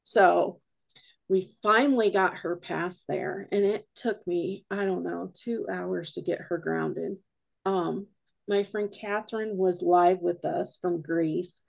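A woman's voice: lowish voice, slow, creaky. A woman guest on a podcast, a paranormal investigator, telling a rambling story full of quoted dialogue in a casual way.

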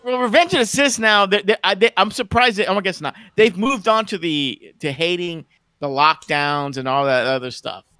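A man with a high, bright, edgy voice rants to his stream chat, tripping over and repeating words as he mocks people. The sound is close and dry, with no room around it. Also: moderate pace, clean tone, dry recording. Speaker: livestream co-host. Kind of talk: casual ranting stream chat.

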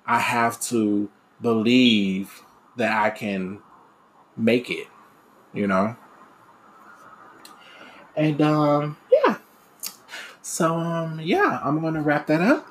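A man's voice: medium pitch, animated, extremely slow, long pauses, a little hiss or hum. A young man talking candidly in a personal reflective monologue, rambling with many fillers and restarts. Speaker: aspiring radio DJ and podcaster.

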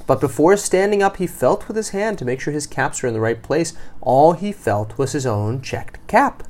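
A woman reading a picture book aloud to a child, patient and gently expressive. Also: sits low, moderate pace.

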